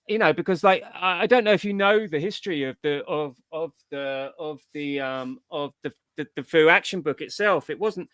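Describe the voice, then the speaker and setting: A middle-aged comics writer, a guest in a relaxed interview, speaks in a slightly high voice with a bright, forceful edge. He rambles in long, digressive stories at a normal speed with hardly any pauses. The sound is dry, close and clean, with no echo.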